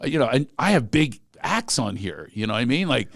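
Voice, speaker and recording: Comedian host, man, lively swooping delivery, dry close mic, teasing tone. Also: medium pitch, brisk, no room sound. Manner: playful, teasing, animated. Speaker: podcast host. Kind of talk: casual podcast chat.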